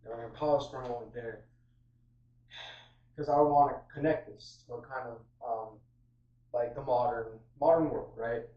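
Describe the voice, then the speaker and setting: A man's voice: mid-range voice, fairly even intonation, moderate pace, pauses often. A man giving an informal sermon on a Bible passage, conversational and full of fillers and restarts. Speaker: preacher. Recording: roomy, distant, dull sound.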